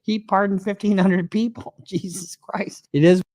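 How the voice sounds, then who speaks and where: A man with a fairly high voice talks through his views as a criminal lawyer in a loose, casual chat. He rambles, circles back and pads his points with fillers, and he sounds very dry and close to the mic. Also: little pitch movement, unhurried, darkish tone, dry recording.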